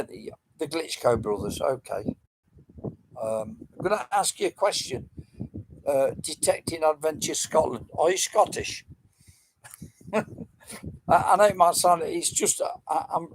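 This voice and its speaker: A man's voice: on the high side, slight background noise, low-quality recording. Chatty man hosting a livestream. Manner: chatty, rambling, answering comments. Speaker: livestream quiz host. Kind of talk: casual livestream chat with viewers.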